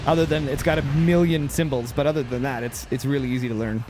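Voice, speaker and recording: A man's voice: mid-range voice, steady tone, quick pace, noisy background. A man hosting a gaming livestream, chatting casually and playfully sounding out words as he commentates.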